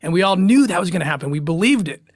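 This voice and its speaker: A man's voice: sits high, expressive, fast, no room sound, clean studio sound. Earnest man telling an emotional story. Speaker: interview guest. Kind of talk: emotional first-person storytelling.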